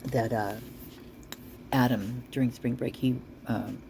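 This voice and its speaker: A woman talks in a loose, rambling way, trailing off and restarting as she reads local police reports aloud. Her voice has a gravelly, creaky texture. A steady hiss of noise runs under the recording. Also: very deep voice, takes it slowly. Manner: chatty, rambling, chewing while talking. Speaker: vlogger reading police reports. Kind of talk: casual rambling commentary.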